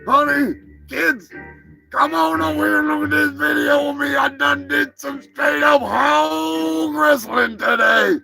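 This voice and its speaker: A man's voice: very high voice, steady tone, a little slow, vocal fry, sharp tone, soft background music, voice pushed up, heavily acted. A man voicing a proud, folksy police officer who hollers to his family about his day.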